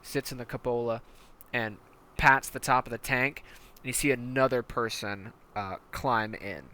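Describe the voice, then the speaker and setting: Male game master, casual and descriptive, sharp bright voice. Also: medium pitch, steady tone, moderate pace. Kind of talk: narrating a tabletop game.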